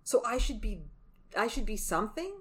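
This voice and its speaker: Woman cohost chatting on a podcast, lively and emphatic, voice jumps up high when she gets going. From Latin American heritage. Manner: animated, emphatic, quick swings in pitch. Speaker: podcast co-host. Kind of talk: casual chat.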